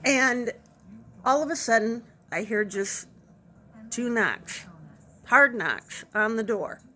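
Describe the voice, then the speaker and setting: A woman with a slightly high voice tells a funny story from her nursing job in a casual way. She is animated and pokes fun at herself as she goes. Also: slow, slight background noise. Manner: animated anecdote, self-deprecating, laughs through it. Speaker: nurse.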